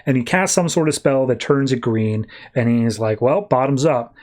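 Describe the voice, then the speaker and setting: A man on a podcast retelling a comic book issue in a casual, animated way, briefly slipping into the characters' lines. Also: medium pitch. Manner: animated retelling with quick quoted voices. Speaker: podcast host.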